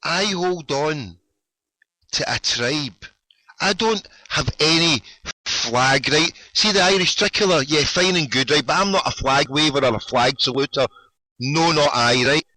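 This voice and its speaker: A man's voice: on the high side, measured pace, pushed and bright, no echo, low-quality recording. A Scottish man hosting a radio show, arguing heatedly and cutting in again and again. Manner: insistent, keeps interrupting with "hold on"; swearing. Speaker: radio host. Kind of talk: heated debate.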